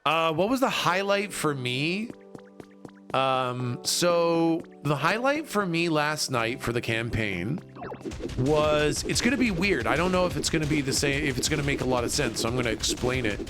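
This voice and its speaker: A man livestreams a video game over music, joking casually, laughing a lot and reading chat messages aloud. His voice is fairly high with lively intonation, at normal speed.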